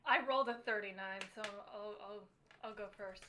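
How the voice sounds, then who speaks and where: A woman playing a tabletop game, talking casually and hesitantly with many pauses. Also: mid-range voice, bright, forceful tone, a little hiss or hum. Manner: hesitant, lots of ums. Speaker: player.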